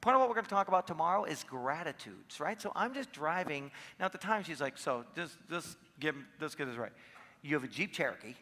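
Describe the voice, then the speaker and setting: Speaking to an audience at a live seminar in a large hall, a man with a high, bright voice tells stories animatedly and briskly, with lively intonation, acting out each person's lines. The room's long reverb trails after his words.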